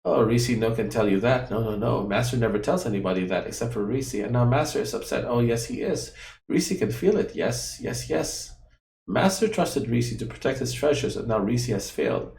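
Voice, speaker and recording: Fretful childlike female guardian, third-person talker, broken grammar, gravelly edge, a man doing the voice. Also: medium pitch, expressive, fairly quick, darkish tone, roomy sound, a little hiss or hum.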